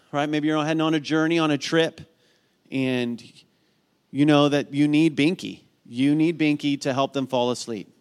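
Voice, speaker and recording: A man preaching a sermon, telling stories with animated energy and often asking "right?" of his listeners. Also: mid-range voice. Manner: animated storytelling, rising to near shouting at climaxes; asks the congregation "right?" again and again. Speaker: pastor.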